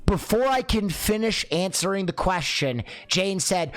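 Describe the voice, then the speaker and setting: Animated man telling a funny story. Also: unhurried. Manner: lively, acts out dialogue with swinging pitch.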